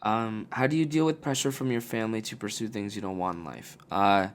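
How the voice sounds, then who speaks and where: Young man, podcast host, casual advice, swears a lot, blunt and jokey, bursts of loud energy. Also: on the low side, fairly quick, slight background noise. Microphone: podcast mic.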